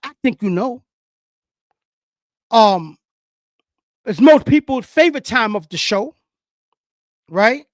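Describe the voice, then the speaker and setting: High-voiced animated man talking sports. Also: slow pace, long pauses, no echo, clean studio sound. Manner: animated, slangy, teasing. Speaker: host. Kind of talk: casual sports commentary.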